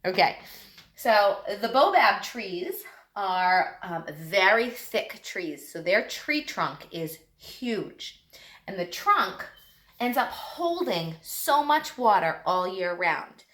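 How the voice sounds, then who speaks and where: A woman teacher giving a lesson to young children, talking in a lively, sing-song way. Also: mid-range voice, slow pace, echoey room.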